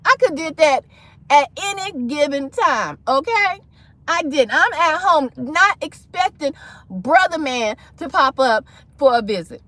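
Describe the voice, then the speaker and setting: This livestream host has a high voice and speaks a little slowly, with no room sound at all. She's animated and theatrical, recounting something that happened to her and performing the voices of everyone involved.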